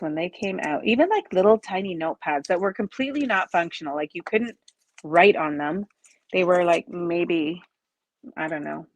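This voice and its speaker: A crafting host in her forties streams live from her home desk, speaking in a fairly low voice. She talks easily with her viewers, walks them through every step, and frequently laughs at her own expense.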